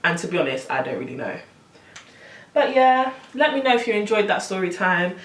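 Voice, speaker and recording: A young woman telling a story on her vlog, animated and exasperated, full of slang. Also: medium pitch, brisk, distant mic. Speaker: vlogger. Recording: roomy, camera set back.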